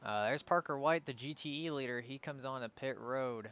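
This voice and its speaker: Man calling a sim race, bright voice. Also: medium pitch, moderate pace, muffled recording. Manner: calling positions, hesitant on names. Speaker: race commentator. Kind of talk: live sim-racing commentary.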